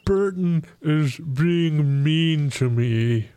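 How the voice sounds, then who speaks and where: A man voicing a big, timid male ogre who whines slowly about being picked on. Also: a little high, dark tone, clean tone, dry recording, pitched above the performer's own voice. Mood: whiny.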